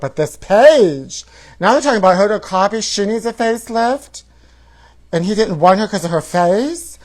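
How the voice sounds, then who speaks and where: A man's voice: high voice, animated, unhurried. A man hosting a comedy show, reading tabloid headlines aloud in a campy, sassy, gossipy way and calling the listener honey.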